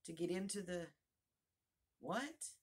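Storybook Alice: a curious young girl rambling aloud to herself, lilting and lively, voiced by a woman narrator. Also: lowish voice, slow, breathy edge, pitched above the performer's own voice, heavily acted. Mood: musing.

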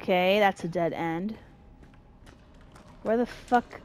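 A young woman hosting a horror game let's play, swearing constantly and shouting at enemies in panic. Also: medium pitch, slow pace, pauses often, clean tone. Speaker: gaming channel host.

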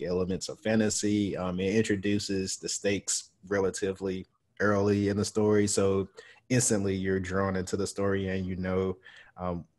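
A man's voice: low voice, a little mellow. A man interviewing an author for a library series, speaking casually with many hesitations.

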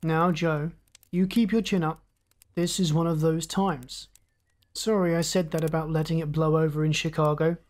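A woman narrator voicing a blunt, indignant middle-aged father who talks gruffly and emphatically. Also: sits low, level tone, normal speed, darkish tone, lightly acted. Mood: stern.

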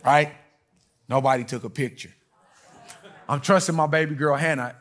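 A middle-aged man preaching a sermon, telling stories and acting out quoted voices, swinging between loud and hushed. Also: a little high, brisk, long pauses. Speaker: pastor.

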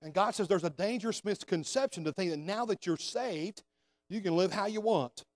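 Man, high voice, pastor, sermon, calls for amens, church sanctuary. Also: moderate pace. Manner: preaching with rising emphasis, calls for amens. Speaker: senior pastor.

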